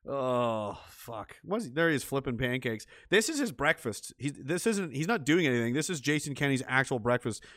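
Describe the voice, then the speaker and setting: A man's voice: mid-range voice, lively intonation, moderate pace, hardly any pauses, fairly bright tone, no echo, clean studio sound. A middle-aged man giving ranting, sarcastic political commentary on a livestream and reading out chat messages, with lots of profanity and scorn.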